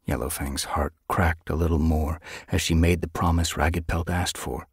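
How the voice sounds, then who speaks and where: Male audiobook narrator, deep and husky, expressive, dry studio sound. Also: dry recording. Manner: measured storytelling. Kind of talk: scripted narration.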